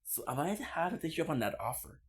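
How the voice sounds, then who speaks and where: A man's voice: a little high, big pitch swings, quick pace. A man streaming live, chatting casually with viewers in a playful, teasing way, often repeating himself. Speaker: live streamer reading chat.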